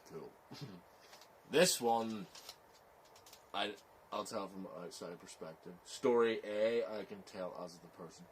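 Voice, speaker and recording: A man with a Belfast accent, telling a scary story in slow, rambling casual chat, with "so it is" tags. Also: on the low side, lively intonation, a little hiss or hum. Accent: Northern Irish, Belfast.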